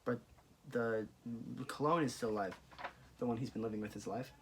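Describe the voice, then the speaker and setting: A man's voice: medium pitch, moderate pace, a little hiss or hum. A man on a podcast, listening in casual chat and reacting with short exclamations and questions. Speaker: podcast co-host.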